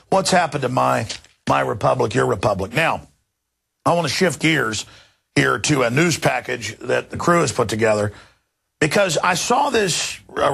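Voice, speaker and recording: A man's voice: mid-range voice, gravelly, fairly bright tone, husky. A man in his thirties hosting a news commentary show, ranting indignantly and mocking what he reports. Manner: indignant, mocking, shifts into exaggerated impressions. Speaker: talk radio host.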